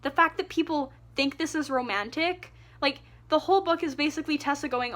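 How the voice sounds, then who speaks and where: A woman reviews a book on her vlog, exasperated and sarcastic, with lots of "like" and asides. Her voice sits high and fairly bright, moving fairly quickly with few pauses.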